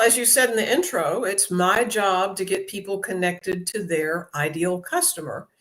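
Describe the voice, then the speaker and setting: An older woman from Atlanta with a Southern US accent, a guest giving friendly, measured interview answers. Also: on the low side, a bit bright, rough recording. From Atlanta, USA.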